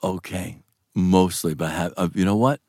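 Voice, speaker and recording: A man's voice: sits low, normal speed, warm tone, no echo, studio quality. A man, an actor being interviewed, telling a long rambling story with swearing and frequent laughter. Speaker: actor guest.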